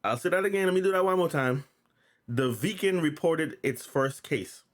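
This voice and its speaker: A man's voice: a little high, expressive, moderate pace. A man hosting his own channel, reading news notes aloud in a casual way and often stuttering, repeating and restarting words. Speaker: channel host.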